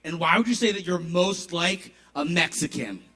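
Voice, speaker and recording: A woman's voice: on the low side, lively intonation, moderate pace, a bit bright. A man voicing an overly earnest woman who is pleased with herself, as a quoted figure in his stand-up.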